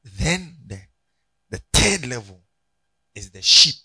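Lively, bright-voiced male preacher. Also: medium pitch, slow, gravelly, pauses often, slightly rough, no room sound. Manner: animated, joking, calls on the congregation. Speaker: pastor. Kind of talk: sermon.

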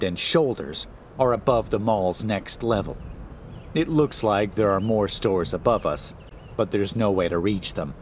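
A man narrating a first-person horror story in a measured, grave way. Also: lowish voice, slight background noise.

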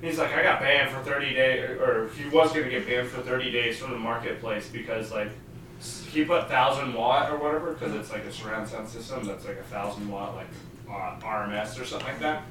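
A man's voice: mid-range voice, brisk, bright, forceful tone, slight background noise. A man in casual podcast chat among friends, telling profane, laughing stories and acting out what people said. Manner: profane, laughing storyteller, acts out quoted dialogue. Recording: roomy echo, distant mic.

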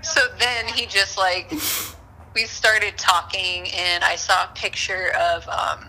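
A middle-aged woman telling a personal story in casual chat, animated, dropping to whispers and laughing as she goes. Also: medium pitch, slow pace, rough recording.

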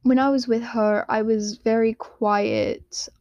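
A teenage girl hosting her own podcast in a quiet room at home, rambling and giggling at herself. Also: on the high side, fairly even intonation, slow pace, dry recording. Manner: rambling, giggly, self-deprecating. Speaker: podcast host. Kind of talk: casual solo podcast chat.

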